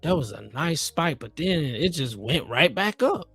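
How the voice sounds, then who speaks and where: A man hosting a live futures trading stream, excitedly pleading with the chart and chatting with viewers. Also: fairly high pitch, measured pace, gravelly, slightly rough, no echo, studio quality, faint music behind. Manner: chatty with viewers, asks for likes. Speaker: livestream host and futures trader.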